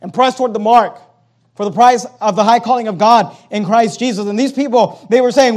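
A man preaching a sermon, reading King James scripture aloud and acting out the complaints of the people in animated voices. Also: high voice, brisk. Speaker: pastor.

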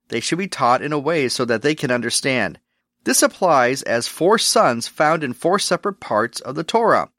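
A man hosting a religious radio program, giving a scripted, earnest teaching and reading scripture in a measured way. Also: on the high side, a bit bright, no room sound, clean studio sound. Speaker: radio ministry host.

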